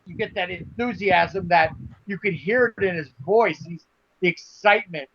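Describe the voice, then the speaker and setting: High-voiced man in emphatic wrestling chat. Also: normal speed, no echo, dull audio. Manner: emphatic, repeats himself when making a point. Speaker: podcast co-host.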